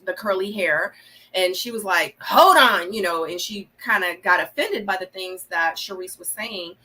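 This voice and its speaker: Bright animated woman reviewing a reality show. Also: normal speed. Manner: animated, acts out quotes with big pitch jumps. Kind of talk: casual live review chat.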